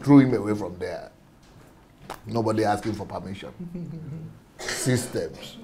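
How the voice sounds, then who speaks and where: A man's voice: on the low side, measured pace, warm tone, slight background noise. A man giving a passionate preaching-style talk, emphatic, repeating key phrases and chuckling as he goes. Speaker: speaker on faith and systems.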